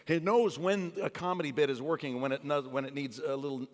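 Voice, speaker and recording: A man spins animated stories about his work on a theater stage, his voice sitting a little high. He jumps into the voices of the people in his tales. The sound rings out with the long reverb of a big hall. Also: brisk. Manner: animated anecdote teller, acts out quotes. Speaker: actor discussing his memoir. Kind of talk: storytelling on stage. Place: theater stage before a live audience.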